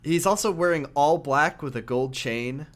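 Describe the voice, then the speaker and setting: Animated man recapping a game. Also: on the high side. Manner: animated, acts out characters' lines in quick put-on voices. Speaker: podcast co-host. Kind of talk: casual chat recapping a video game.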